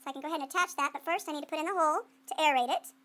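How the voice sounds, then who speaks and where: A woman's voice: sits high, very fast, pushed and bright. A woman art teacher giving a playful running commentary while she demonstrates clay sculpting to students.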